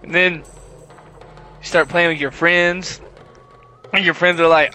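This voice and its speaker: A man's voice: fairly high pitch, lively intonation, moderate pace, sharp tone, soft background music, rough recording. A man co-hosting a casual gaming podcast, telling a long story and acting out his friends' lines. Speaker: podcast co-host.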